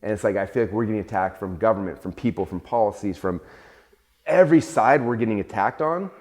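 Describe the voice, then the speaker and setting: Fast-talking animated man telling stories. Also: on the low side. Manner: animated storytelling, acts out his own panic in a raised voice; many fillers of "like" and restarts. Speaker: host and entrepreneur. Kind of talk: casual conversation.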